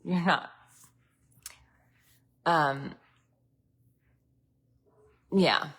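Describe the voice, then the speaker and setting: A woman's voice: on the low side, unhurried, long pauses, music in the background. A woman host telling a story in a casual, chatty way, laughing often.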